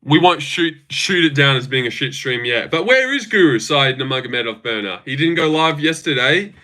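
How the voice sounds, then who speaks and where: A man with a bright, forward voice pitched a little high, riffing on a livestream. He talks in a loose, rambling way, teasing his chat with dry sarcasm and dropping swear words. The delivery stays offhand and conversational throughout. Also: animated, moderate pace. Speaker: livestream host. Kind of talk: casual livestream chat reading viewer comments.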